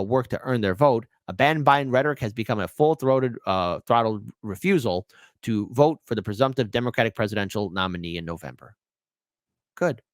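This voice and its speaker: A man's voice: lowish voice, no echo, clean studio sound. A man hosting political commentary, reading news aloud and breaking into scornful, mocking rants. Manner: mocking, sarcastic asides.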